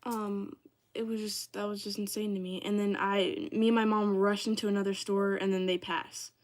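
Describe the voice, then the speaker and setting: A woman's voice: medium pitch, little pitch movement, normal speed. A young woman on a livestream, casually telling a story to her viewers, chatty and full of "like". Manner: chatty, heavy use of "like", addresses viewers as "y'all".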